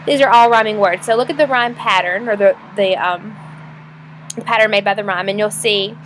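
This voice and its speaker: A woman's voice: mid-range voice, brisk, fairly bright tone, a little hiss or hum. Woman teaching a recorded lesson casually. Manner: casual, explanatory, frequent fillers and restarts. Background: passing trucks.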